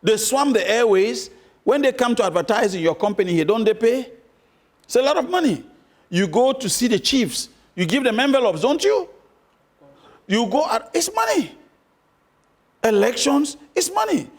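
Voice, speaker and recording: Male guest, high voice, emphatic, hammers points home by repetition. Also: big pitch swings, normal speed, pauses often. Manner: emphatic, repeats points for stress. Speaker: interview guest, former candidate. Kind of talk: interview answers.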